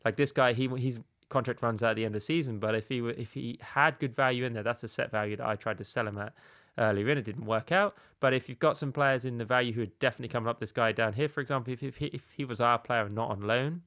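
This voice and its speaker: A man's voice: medium pitch, fast talker, a bit bright, no room sound, studio quality. A man hosting a casual video game tutorial, talking in a rambling, conversational way with frequent filler phrases.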